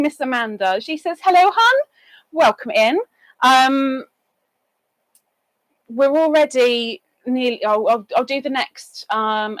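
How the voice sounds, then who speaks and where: A woman's voice: medium pitch, no echo, poor audio. A woman hosting a casual live stream, chatting and reading viewer comments aloud, with sing-song greetings for each newcomer.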